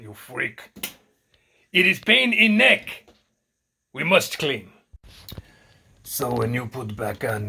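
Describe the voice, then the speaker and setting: Slow gravelly man with halting broken English. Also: mid-range voice, bright, forceful tone. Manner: halting broken English with many restarts and repeats. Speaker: home repair demonstrator. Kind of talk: casual how-to demonstration.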